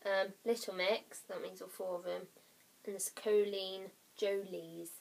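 A woman's voice: medium pitch, steady tone, unhurried, vocal fry. A young woman vlogging at home, rambling casually, often apologizing and dropping into whispers. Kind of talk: casual chatty vlog.

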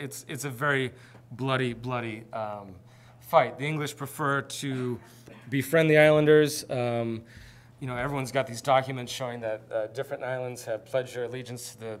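A man presenting a seminar, telling history in an informal, conversational way. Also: mid-range voice. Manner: conversational storytelling. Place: presentation with slides.

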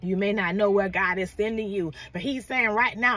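A woman's voice: mid-range voice, normal speed, hardly any pauses, a bit bright. A woman preaching a prophetic word in a fervent call-and-response manner, often repeating "come on now" and calling listeners "baby".

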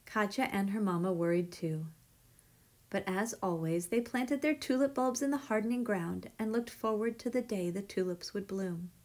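A woman reading a children's picture book aloud with gentle, measured storytelling. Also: medium pitch.

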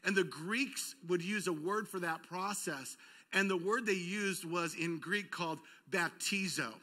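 A man pastor delivers a storytelling sermon in a church with a high, very bright and ringing voice. He is self-deprecating and animated, acting out the shouts and cries of the people in his story. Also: a little slow. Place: church auditorium.

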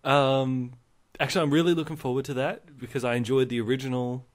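A man's voice: mid-range voice, a little fast. An Australian man hosting a podcast, chatting casually and telling jokey stories. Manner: animated, joking storyteller. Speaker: podcast host. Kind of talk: casual chat.

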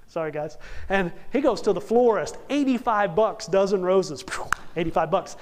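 Animated young male preacher, higher voice. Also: measured pace. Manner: animated, jokey, acts out characters. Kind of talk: storytelling sermon.

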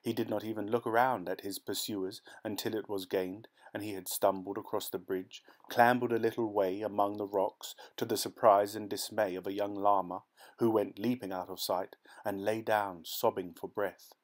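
A man narrating a classic short story as an audiobook, reading in a steady, measured way. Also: on the low side. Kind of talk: scripted narration.

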